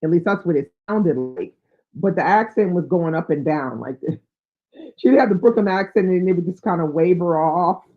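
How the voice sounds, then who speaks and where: A woman's voice: on the low side, lively intonation, moderate pace. A woman hosting a live book chat, reading out viewer comments and thinking aloud with fillers. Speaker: book channel host. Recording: tinny, phone-like sound.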